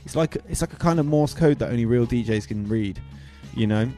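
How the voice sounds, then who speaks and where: DJ host, jokey rambling chat, mellow dark tone, faint music underneath. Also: male voice, mid-range voice, fairly quick. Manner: rambling, jokey, swears a lot, trails off into asides. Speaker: DJ livestream host. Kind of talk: rambling joking livestream chat.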